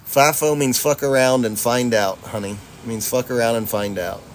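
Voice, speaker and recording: A man's voice: medium pitch, steady tone, moderate pace, a little hiss or hum. A man hosting a livestream, casually reading viewer comments aloud, laughing easily and swearing freely. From Charlotte, North Carolina, US. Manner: laid-back, profane, laughs often, addresses audience as y'all. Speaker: livestream host.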